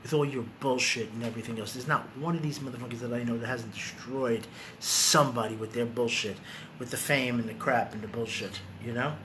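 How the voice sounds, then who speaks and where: A man talking bluntly and profanely in a low, quiet voice while grieving, then singing along to guitar. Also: fairly even intonation, brisk, few pauses, heavy background noise. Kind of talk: emotional casual talk and singing. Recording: loud guitar music behind.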